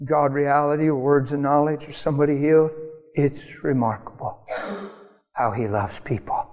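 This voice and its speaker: A man preaches a sermon as a story, animated and laughing often while acting out the voices of the characters. His pitch is fairly high, his speed normal, and the sound carries a long reverb tail.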